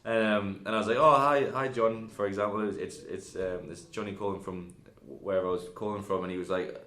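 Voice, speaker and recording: A man with a low voice talks in a relaxed storytelling way in an echoey room. He laughs as he tells his stories and acts out both sides of old phone calls. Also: fast, a little hiss or hum. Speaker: guest. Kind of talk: casual chat.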